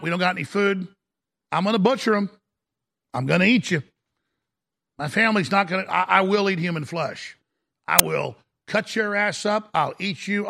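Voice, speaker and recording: A middle-aged man hosting a talk show, delivering an aggressive, shouting rant in a raspy voice. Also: sits high. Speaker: radio talk show host. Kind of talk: ranting talk-show monologue.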